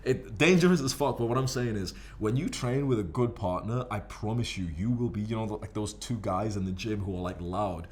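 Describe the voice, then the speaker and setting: A man casually telling gym stories to camera in a profane, rambling, animated way. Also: fairly low pitch, brisk, hardly any pauses. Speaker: fitness vlogger.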